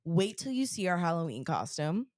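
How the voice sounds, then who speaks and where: A woman's voice: on the low side, very animated, normal speed, a little mellow, no echo, studio quality. A woman co-hosting a podcast in casual chat, rambling with lots of fillers while getting over an illness. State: sick, recovering. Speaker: podcast co-host. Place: Connecticut.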